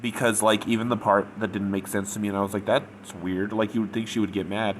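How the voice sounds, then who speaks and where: A man's voice: fairly low pitch, level tone, brisk, slight background noise. A man retelling a story in a casual, rambling way, with frequent "like" and "or whatever". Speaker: fanfic reviewer. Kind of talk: casual spoken review.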